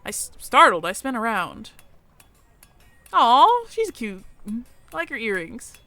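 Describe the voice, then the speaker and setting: A woman's voice: fairly high pitch, huge pitch swings, slow, pushed and bright, no room sound, soft background music. A woman hosting a let's play, reading a visual novel aloud in a wry, conversational way.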